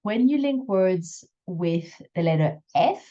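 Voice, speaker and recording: Slow, mellow-voiced woman teaching pronunciation. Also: lowish voice, expressive, dull audio. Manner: slow, careful explanations with drawn-out French examples. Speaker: French teacher. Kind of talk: recorded pronunciation lesson.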